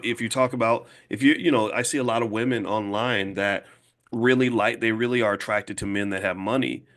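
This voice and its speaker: A man in his fifties speaking to a live audience as a finance educator, emphatic and casual, repeating points slowly to drive them home. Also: fairly low pitch, fairly bright tone. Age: 50s. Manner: emphatic, slow and repetitive for emphasis; casual, conversational, direct address. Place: room with an audience.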